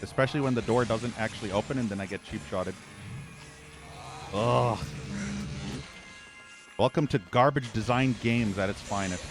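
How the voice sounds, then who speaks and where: A man's voice: on the low side, normal speed, pauses often, music in the background. A man streaming a horror game, ranting with angry, profane commentary and exasperated sighs as he plays. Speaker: gaming streamer.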